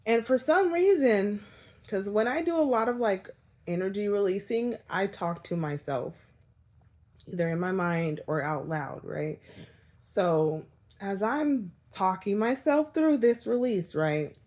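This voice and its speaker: A woman's voice: mid-range voice, lively intonation, unhurried, darkish tone. A young woman giving a casual spiritual energy update, talking candidly and rambling, with frequent swearing and self-directed laughter. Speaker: spiritual vlogger.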